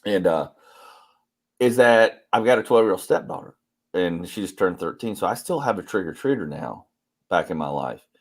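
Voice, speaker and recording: Forties man, low voice, podcast host, chatty and rambling. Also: expressive, moderate pace. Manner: rambling, chatty, reads out listener comments. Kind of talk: casual chat.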